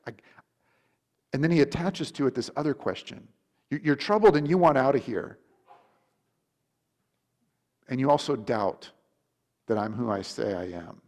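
A man's voice: medium pitch, expressive, normal speed, darkish tone. Man giving a casual, rambling sermon. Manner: casual, rambling, many restarts and "like". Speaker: preacher. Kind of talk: conversational sermon.

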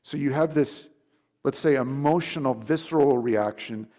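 A man's voice: medium pitch, normal speed, darkish tone. A man preaching in a loose, conversational sermon, with frequent restarts, many uses of "like", and quoted questions acted out in changing voices. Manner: casual, rambling, many restarts and "like".

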